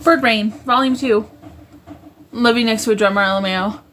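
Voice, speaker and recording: A woman hosts a casual home livestream, her roommate in the next room, reading viewer comments and rambling while often stopping mid-sentence to correct herself. Her voice is fairly high, at a normal speed, with background noise.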